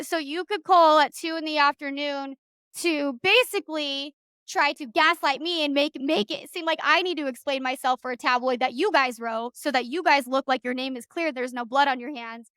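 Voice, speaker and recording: A young woman with a high voice hosts her podcast, recounting a story in a heated, cussing rant. She jumps between her own telling and quoted lines of dialogue. The sound is close and dry, with no room around it. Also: normal speed, no room sound. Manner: animated and profane, acting out quoted dialogue. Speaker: podcast host.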